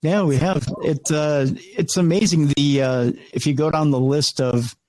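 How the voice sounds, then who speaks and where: A man's voice: a little high, a little slow, a little hiss or hum, rough recording. A middle-aged man, a radio host, telling stories in an interview with many restarts, acting out the people he quotes. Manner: animated, many restarts, acts out quoted voices. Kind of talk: casual interview storytelling.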